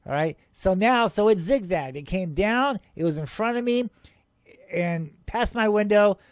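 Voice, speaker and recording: A man with a high voice hosts a UFO show and talks over his own footage in an excitable, rambling way. He laughs often and scoffs at doubters. The sound is dry and close. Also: unhurried, no echo. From Arizona, USA.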